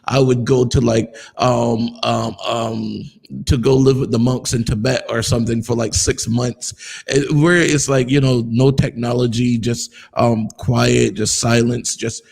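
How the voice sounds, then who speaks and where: Gravelly-voiced male talk show host. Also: medium pitch, flat delivery, measured pace, darkish tone, in a large hall. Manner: rambling, hesitant, many fillers. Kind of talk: casual interview chat.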